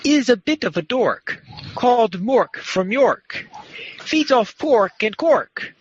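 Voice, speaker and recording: Podcast host guy hamming up a goofy poem, high bouncy voice, slow and drawn out, dull lo-fi call audio. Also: animated, husky. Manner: playful, giggly, hamming it up. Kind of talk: casual podcast chat and silly poem reading.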